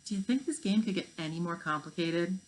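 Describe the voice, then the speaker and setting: A woman voicing a wisecracking young girl, speaking in a dry, quick way. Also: on the low side, lightly acted, low-quality recording. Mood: wry.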